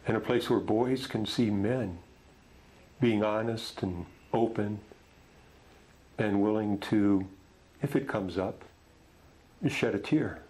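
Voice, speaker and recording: A middle-aged man leading a men's group tells a story gently, with halting restarts. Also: lowish voice, low-quality recording. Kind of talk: storytelling talk.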